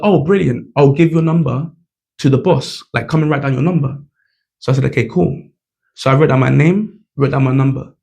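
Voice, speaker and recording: A man's voice: medium pitch, creaky, darkish tone. A man, telling a personal story to camera in a casual, chatty way, full of "like" and "you know". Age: 20s. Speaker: vlogger.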